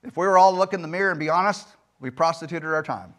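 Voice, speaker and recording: High-voiced man preaching a sermon. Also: fast talker. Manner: emphatic preaching with rhetorical questions and sudden loud swings. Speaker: pastor. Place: church sanctuary.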